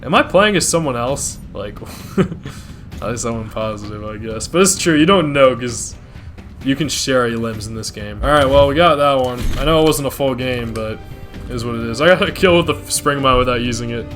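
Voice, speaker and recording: Male streamer, mid pitch, rambling and profane, casual recap commentary. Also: animated, normal speed, a bit bright, faint music behind. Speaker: gaming streamer recapping a TV show.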